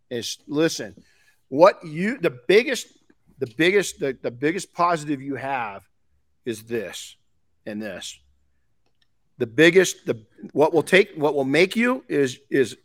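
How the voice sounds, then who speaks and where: A man's voice: medium pitch, fairly bright tone, no room sound, clean studio sound. A man hosting a podcast in casual chat, frank and rambling, swearing casually. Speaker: podcast host.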